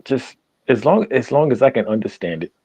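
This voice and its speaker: A man from New Orleans with a husky voice, co-hosting a casual chat and rambling through frequent restarts. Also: mid-range voice, big pitch swings, fairly quick, mellow, no room sound. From New Orleans, USA. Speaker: podcast co-host.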